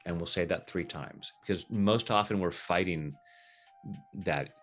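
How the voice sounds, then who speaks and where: A man explaining a tapping technique in a relaxed, jokey way, slipping into quoted voices as he talks. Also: sits low, unhurried, faint music behind. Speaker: tapping practitioner, guest. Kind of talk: casual teaching over video call.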